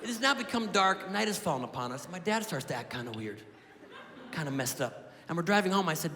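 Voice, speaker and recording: A man in his thirties tells a neurotic stand-up story, his fairly high voice jumping all over its range. He is on a stage with a handheld mic, and the hall rings with a long reverb and a full, laughing crowd. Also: brisk. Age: 30s. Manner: animated, neurotic storytelling with voice swings. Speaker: stand-up comedian. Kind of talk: stand-up comedy set. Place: comedy stage before a live audience.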